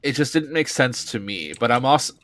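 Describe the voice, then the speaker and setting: A man's voice: medium pitch, expressive, normal speed, fairly bright tone, no room sound. A man streaming a video game, talking casually in a rambling, hesitant way with blunt opinions. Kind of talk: casual commentary over a game.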